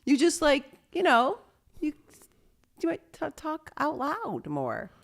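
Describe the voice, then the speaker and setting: A woman's voice: sits high, wildly swooping pitch, takes it slowly, vocal fry. A woman co-hosting a podcast in casual chat, laughing often and acting out little quotes as she tells stories. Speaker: podcast co-host.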